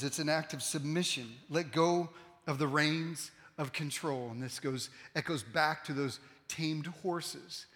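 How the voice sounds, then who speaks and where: A man preaching a sermon as a pastor, swinging between loud emphatic lines and quiet, intense asides. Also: on the high side. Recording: long hall reverb.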